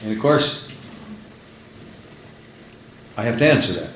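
A man's voice: mid-range voice, animated, moderate pace, long pauses, slight background noise. A man preaching a sermon, emphatic, repeating phrases for effect. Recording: roomy echo.

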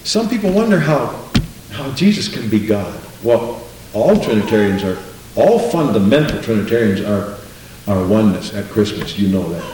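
A man preaching a sermon, animated, swinging from low asides to high exclamations. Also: normal speed, far from the mic, a little hiss or hum. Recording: roomy echo.

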